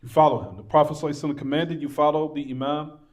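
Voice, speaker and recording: A man's voice: a little high, little pitch movement, rapid-fire. A man teaching a religious class in a mosque, repeating points, reassuring his students and asking them rhetorical questions. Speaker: Islamic teacher.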